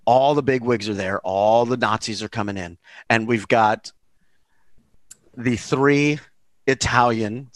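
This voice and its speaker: A man hosting a podcast, retelling a film in excitable, profane casual chat. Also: medium pitch, slow, pauses often, no room sound. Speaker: podcast host.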